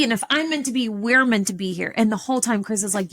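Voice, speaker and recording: A woman hosting a podcast, telling a personal story in an animated, expressive way with sudden jumps in pitch. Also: fast. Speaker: podcast host.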